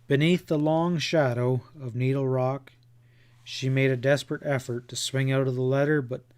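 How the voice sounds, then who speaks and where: A man narrating a western novel as an audiobook, reading in a slow, measured way. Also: mid-range voice. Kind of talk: scripted narration.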